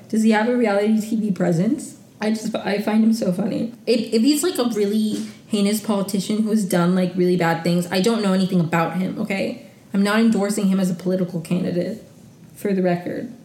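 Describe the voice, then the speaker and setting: A woman hosts a solo podcast in a loose, gushing way, with "like" everywhere. Her voice is mellow and relaxed, sitting mid-pitch. The room around her rings a bit. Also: roomy sound. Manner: chatty and gushing, peppered with "like". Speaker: podcast host recapping reality TV. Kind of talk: casual solo recap.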